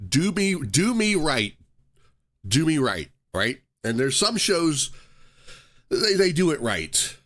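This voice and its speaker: A man hosting a casual podcast, ranting loosely and tripping over his own restarts. His pitch swings wide and lively as he talks. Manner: animated, ranting, self-interrupting with repeated restarts. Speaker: podcast host.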